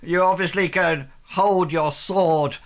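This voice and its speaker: A man's voice: high voice, slow pace, pitched above the performer's own voice. A man voicing a bluff, swaggering male ship captain who calls people lad.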